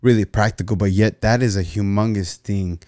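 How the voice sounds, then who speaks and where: A man's voice: on the low side, normal speed, dry recording. A man preaching a sermon on marriage, telling stories and often repeating words as he goes. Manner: repeats words, storytelling, rising animated in anecdotes. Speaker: pastor.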